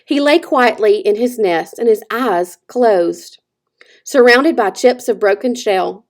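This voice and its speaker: A woman teacher reading a children's novel aloud with expressive storytelling. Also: on the high side, slow. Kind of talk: children's book read-aloud.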